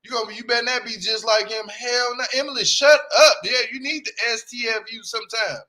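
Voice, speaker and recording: A man's voice: extremely high pitch, fairly even intonation, quick pace, bright, forceful tone. A young man in AAVE giving blunt, brash, slang-heavy casual commentary on a reality show, often asking "you hear me?". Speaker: reality TV reviewer.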